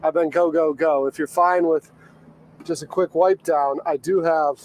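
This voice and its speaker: A man's voice: a little high, steady tone, measured pace, a little mellow, dull audio. A man hosting a livestream, chatting in an easygoing way outdoors by a dock. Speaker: livestream host. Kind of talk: casual livestream chat.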